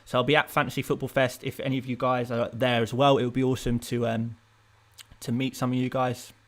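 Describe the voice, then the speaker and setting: A young man from England chatting casually on a live stream, rambling and self-mocking, with bursts of playful excitement while he reads viewer comments. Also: mid-range voice, fairly quick. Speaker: fantasy football streamer.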